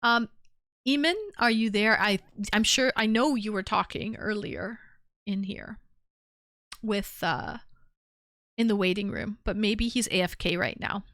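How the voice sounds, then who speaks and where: A woman's voice: medium pitch, measured pace, a bit bright, no room sound, clean studio sound. A woman hosting a live call-in stream, chatting casually and teasing her callers in an upbeat way.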